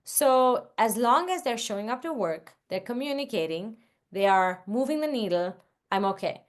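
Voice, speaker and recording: A woman's voice: fairly high pitch, expressive, moderate pace. A woman answering questions on a video call in a casual, practical way, with frequent "like" and "um". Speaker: guest investor.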